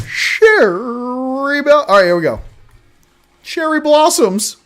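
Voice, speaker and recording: A male host giving a casual oracle card reading, with sarcastic joking asides and slow, emphatic stresses on the card words. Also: extremely high pitch, sing-song, fairly bright tone, faint music behind.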